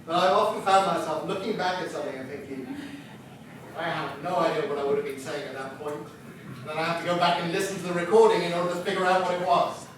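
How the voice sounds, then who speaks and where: Captured from a distance in an echoey, noisy room, a high-voiced man presents a workshop. He is a book publisher explaining how to write a book, keeping it chatty and poking fun at himself.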